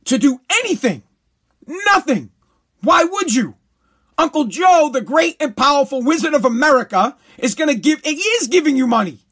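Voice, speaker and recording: A man ranting heatedly in a commentary, swearing, repeating himself and breaking into shouts. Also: extremely high pitch. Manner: heated, profane, repetitive, bursts into shouting.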